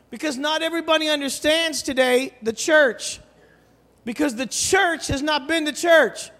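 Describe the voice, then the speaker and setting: A man preaching a sermon in a large church, animated and storytelling, often asking the crowd questions. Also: very high voice. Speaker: guest preacher. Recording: long hall reverb.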